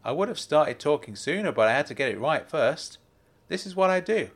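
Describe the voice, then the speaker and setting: Older male impostor, steady and explanatory, as a male reader puts him on. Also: on the high side, brisk, pitched above the performer's own voice. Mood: confiding. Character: older male con artist and impersonator, calm.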